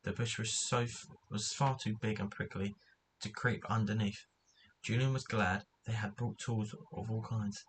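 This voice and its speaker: A man with a low voice reads a children's adventure book aloud. He stumbles and corrects himself now and then, as in an unrehearsed reading. A faint hiss sits under the recording. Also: fairly even intonation, moderate pace, low-quality recording. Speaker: narrator.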